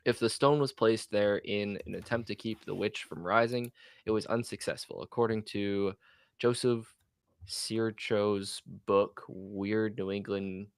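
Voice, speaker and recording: A man's voice: fairly low pitch, fairly even intonation, unhurried, clean tone, no echo. A man co-hosting a podcast, reading ghost stories aloud and stumbling over some words. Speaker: podcast co-host.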